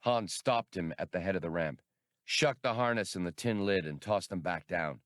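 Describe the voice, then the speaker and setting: A man narrating an audiobook in a measured storytelling manner. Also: sits low, a bit bright, no echo, studio quality. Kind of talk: scripted narration.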